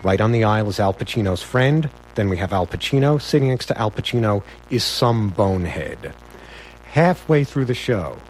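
A man telling a funny personal story in a wry, animated way, acting out the other people's lines. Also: mid-range voice, slight background noise. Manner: wry, animated, acts out voices. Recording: music bed behind voice.

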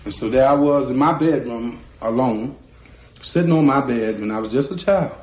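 A man, a guitarist telling a story from his childhood in a lively way and acting out the voices of people in it. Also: medium pitch, moderate pace. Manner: lively storyteller who acts out quoted voices. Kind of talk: spoken storytelling. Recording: roomy with faint guitar behind.

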